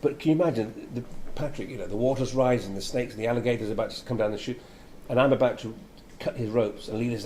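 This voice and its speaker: An older actor telling anecdotes in a chatty interview, laughing often. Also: male voice, medium pitch, very fast, mellow, a little hiss or hum.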